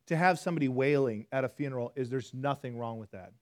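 Conversational pastor preaching. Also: male voice, mid-range voice, animated, a little fast. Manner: conversational, self-deprecating, swings from hushed to loud. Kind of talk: sermon. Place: church.

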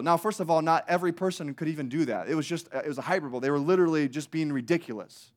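A man preaching a sermon in an animated, emphatic way, with many rhetorical questions. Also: a little high, fairly quick.

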